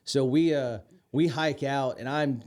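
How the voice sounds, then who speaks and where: A man's voice: medium pitch, fairly even intonation, a little slow, darkish tone. A man co-hosting a podcast, telling a story in a rambling way with many fillers and restarts. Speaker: podcast co-host. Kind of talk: casual chat, storytelling.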